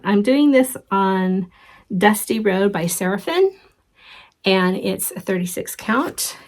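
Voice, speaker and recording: A middle-aged woman hosting a casual show-and-tell craft vlog, chatty and rambling, with many ums and restarts. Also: medium pitch. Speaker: flosstube host.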